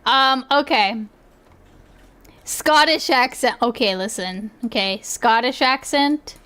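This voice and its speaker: A young woman streaming and reacting in casual chat, excitable, laughing often and swearing freely. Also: a little high, takes it slowly, clear, resonant tone.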